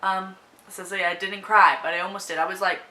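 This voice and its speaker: Young female book vlogger, bright and emotional, on the edge of tears, rambling with fillers. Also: mid-range voice, little pitch movement, fairly quick, low-quality recording. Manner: emotional, gushing, many fillers and restarts. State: tearful, on the verge of crying. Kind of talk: casual movie review vlog.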